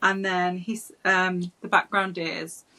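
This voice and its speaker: A woman's voice: fairly low pitch, level tone, slow, bright, forceful tone, low-quality recording. A woman co-hosting a podcast, chatting casually about a book, giggly and swearing casually. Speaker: podcast co-host.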